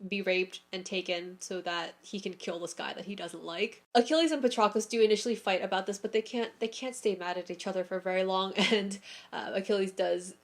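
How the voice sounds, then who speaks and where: A young woman vlogging about books, gushing and emotional, laughing often as she talks. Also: medium pitch. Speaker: book vlogger. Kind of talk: casual reading vlog with read-aloud passages.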